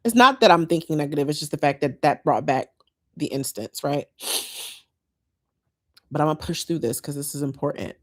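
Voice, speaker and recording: Woman vlogger, low voice, chatty and heartfelt, talking straight to her viewers. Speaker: lifestyle vlogger. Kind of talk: casual chat to viewers.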